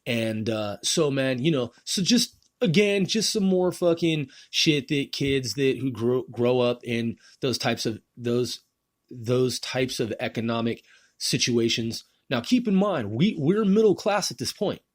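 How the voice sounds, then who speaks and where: A man's voice: medium pitch, lively intonation, no room sound. A man in his forties rambling through a casual solo podcast monologue, profane and peppered with "man" and "bro". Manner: rambling and profane, fills every pause with "man". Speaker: podcast host.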